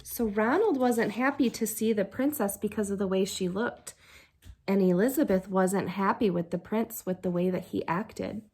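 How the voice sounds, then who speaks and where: A woman teacher reading a picture book aloud to children, animated, gasping and asking the listener questions. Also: mid-range voice, normal speed, breathy edge. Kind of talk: storytime read-aloud for children.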